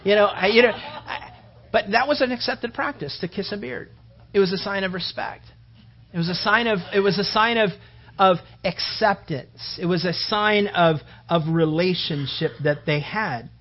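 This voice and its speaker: Guy pastor giving a laid-back sermon, kinda husky, lots of "you know, man", muffled lo-fi sound. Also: high-pitched, normal speed. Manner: casual, rambling, peppered with "you know" and "man". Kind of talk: conversational sermon. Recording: dull lo-fi recording.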